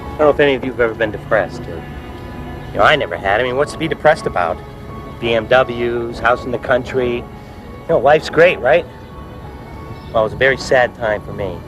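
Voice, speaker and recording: A man recounts a true story from his own life to listeners. His voice sits in an ordinary middle register, and he speaks plainly and reflectively. Music plays clearly behind him. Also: mid-range voice, a little fast, long pauses, rough recording. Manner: plain-spoken, reflective, leans on "you know". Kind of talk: personal storytelling to an audience.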